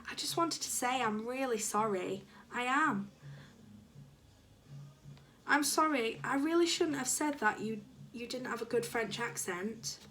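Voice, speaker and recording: A woman's voice: a little high, a little slow, long pauses, a bit bright, slight background noise. Woman doing a flustered young schoolboy. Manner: flustered, apologetic. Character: nervous, eager young schoolboy.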